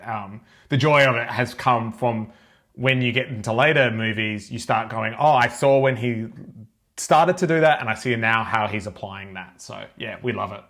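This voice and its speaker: An Australian man, a guest on a podcast, telling stories in an enthusiastic, animated way. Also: fairly low pitch, gravelly. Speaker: podcast guest, actor and acting teacher. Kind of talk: casual podcast chat.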